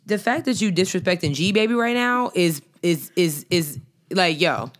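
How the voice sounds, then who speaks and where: A woman with a notably low voice, chatting casually with a friend. She argues her points playfully and emphatically, full of energy. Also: moderate pace. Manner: emphatic, animated, playful debating. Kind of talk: casual chat.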